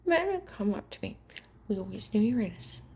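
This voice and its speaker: A woman giving an urgent, agitated personal account, often dropping to a hushed whisper. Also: mid-range voice, very animated, fast talker, a little hiss or hum. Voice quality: gravelly, very husky. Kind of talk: personal account told to camera.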